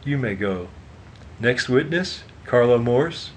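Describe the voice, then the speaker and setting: A man voicing a smug businessman who talks in a low, clipped, dismissive way. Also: expressive, takes it slowly, a little hiss or hum.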